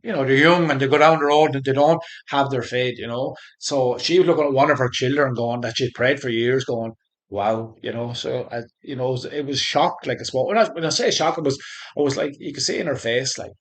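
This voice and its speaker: A man being interviewed, telling his personal faith story in a halting, earnest way with many restarts. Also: medium pitch, fairly bright tone. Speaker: interview guest. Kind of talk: conversational faith testimony.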